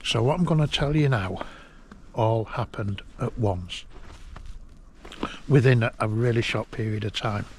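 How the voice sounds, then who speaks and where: Man telling a story, slow. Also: on the low side, a little hiss or hum. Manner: emotional, halting, laughs through the story. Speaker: vlogger telling a personal memory. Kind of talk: casual storytelling.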